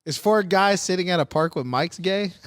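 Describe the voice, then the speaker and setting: A man's voice: sits high, normal speed, background noise. A man co-hosting a casual comedy podcast, joking and laughing as he teases his friends with questions. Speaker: podcast co-host. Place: outdoors at a park.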